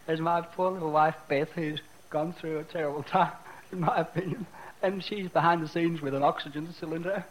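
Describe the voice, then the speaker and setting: A square dance caller, a man, out of breath, speaking to a crowd with emotion and halting phrases, in an old 1950s newsreel recording. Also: on the high side, steady tone, slight background noise, poor audio.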